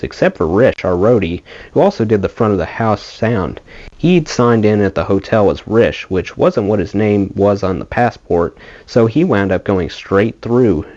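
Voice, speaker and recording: Guy reading a rock memoir out loud, low voice, laid back storytelling, dull lo-fi sound. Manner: casual storytelling read. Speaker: audiobook reader. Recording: dull lo-fi home recording.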